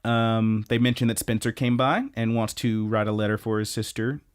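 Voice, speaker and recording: A man co-hosting a podcast, recapping anime episodes in a lively, casual way with lots of ums and restarts. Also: on the low side, moderate pace, clear, resonant tone, no room sound, clean studio sound. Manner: animated retelling, many ums and restarts. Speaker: podcast co-host.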